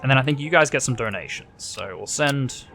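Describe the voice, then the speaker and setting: An Australian man narrates his own playthrough of a game, thinking aloud in a chatty, offhand way with the odd mild swear. His voice sits at a middling pitch and moves around a lot as he talks. Faint game music plays behind him. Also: expressive, a little fast, bright, forceful tone. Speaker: let's play host. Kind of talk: casual gameplay commentary, reading game text aloud.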